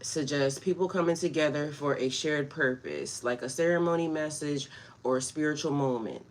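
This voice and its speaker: A woman's voice: low voice, moderate pace. A woman spiritual coach talking casually on a livestream, laughing often and greeting her viewers by name. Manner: loose, chatty storytelling.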